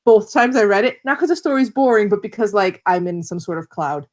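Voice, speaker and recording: A woman's voice: mid-range voice, brisk, darkish tone. An American woman co-hosting a podcast, talking in an enthusiastic, playful, chatty way. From United States. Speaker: podcast co-host. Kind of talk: casual chat. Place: bedroom at a relative's house.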